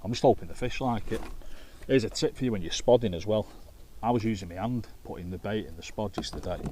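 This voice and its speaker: A man's voice: fairly low pitch, fast talker, mellow, slight background noise. A man chatting casually to camera outdoors by a lake, telling anecdotes while fishing. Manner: chatty anecdotal storytelling with swearing. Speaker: carp angler and vlogger.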